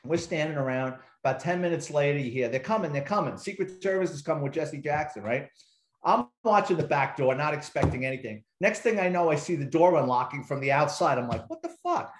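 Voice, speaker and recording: Middle-aged man, retired detective guest, spins anecdotes and acts out quoted lines, swears casually. Slightly high voice in an echoing room. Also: a little fast. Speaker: interview guest, retired police detective and author. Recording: roomy echo.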